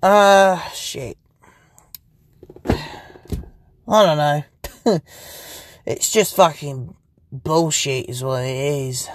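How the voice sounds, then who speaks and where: A man's voice: on the high side, steady tone, very slow, long pauses, slight background noise. A young man rambling and swearing in a casual podcast monologue, recorded sitting inside his parked car. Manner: profane, rambling, laughs often. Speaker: podcast host.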